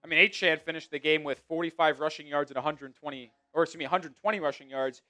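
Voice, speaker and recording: A man with a New York accent hosting a live sports stream, chatting excitably and swinging from mumbles to shouts. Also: on the high side, fast talker, soft background music. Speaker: sports show host.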